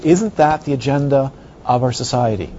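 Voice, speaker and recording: Buddhist teacher giving an animated talk. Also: male voice, mid-range voice, moderate pace, highs cut off, slight background noise. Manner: animated, rhetorical questions, acts out others' reactions. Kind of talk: dharma talk to students.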